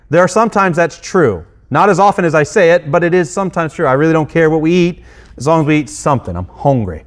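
A middle-aged man, preaching a sermon in a relaxed, self-deprecating way, with acted asides and frequent restarts. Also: a little high, fast. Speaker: pastor.

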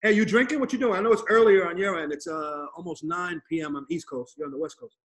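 A man hosts a casual podcast by video call, talking in a slightly high voice. He tells stories with lots of energy and acts out other people's lines as he goes. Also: quick pace. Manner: animated storyteller, acts out quoted voices. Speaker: podcast host. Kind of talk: casual remote podcast chat.

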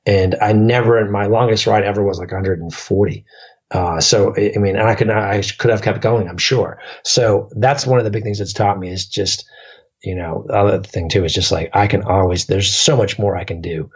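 Low, husky male guest; rambling storyteller, dull lo-fi podcast sound. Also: steady tone, moderate pace. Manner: rambling, restarts often, lots of fillers. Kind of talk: casual storytelling chat.

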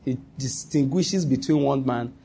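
A man preaching a sermon, reading scripture slowly and earnestly, with some restarts. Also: mid-range voice, vocal fry, warm tone, slightly rough.

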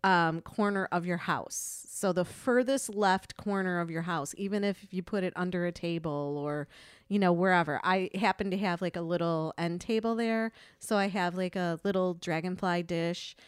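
Middle-aged woman co-host, crisp voice, loose and profane storyteller. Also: lowish voice, moderate pace, no room sound, studio quality. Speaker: podcast co-host. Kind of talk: casual chat.

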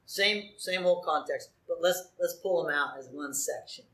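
A man's voice: fairly high pitch, normal speed, a bit bright. A man, a pastor, preaching a sermon and asking his congregation questions. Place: church sanctuary. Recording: echoey church room.

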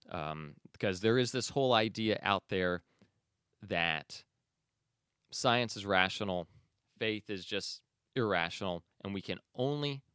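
Lively low-voiced male podcast host. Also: smooth, no echo, clean studio sound. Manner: conversational, self-correcting, emphatic. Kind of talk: casual commentary and reading aloud.

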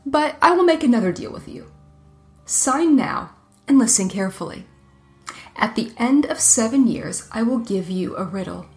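A woman voicing a cunning male dragon in a storybook reading, speaking smoothly and smugly. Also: a little high, lively intonation, normal speed, faint music behind. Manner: smooth and smug.

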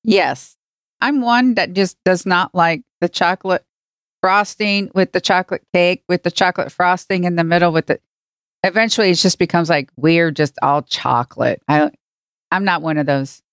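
Smooth-voiced female podcast co-host. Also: fairly low pitch, moderate pace, dry recording, clean studio sound. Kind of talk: casual podcast chat.

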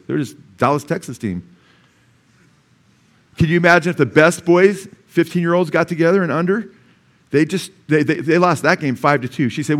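A male pastor preaching a sermon, animated and conversational, often asking the congregation "amen?" and acting out the lepers' shouts. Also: on the high side. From USA.

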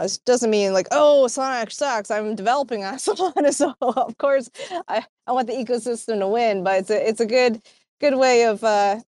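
A woman's voice: medium pitch, a little mellow, no room sound. Chatty woman with a dry close sound. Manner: chatty, full of fillers and hedges. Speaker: guest in a crypto community talk. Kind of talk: casual online group chat.

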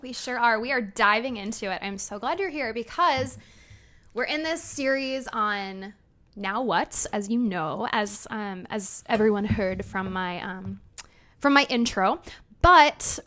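A woman's voice: a little high, animated, measured pace, bright, forceful tone. Upbeat woman podcast host. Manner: upbeat, chatty, laughs often. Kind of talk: casual conversational podcast.

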